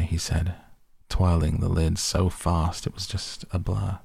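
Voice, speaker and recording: A man reading a novel aloud in first person, slow, even and deliberate. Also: deep voice, vocal fry, husky, no room sound, clean studio sound. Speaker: audiobook reader.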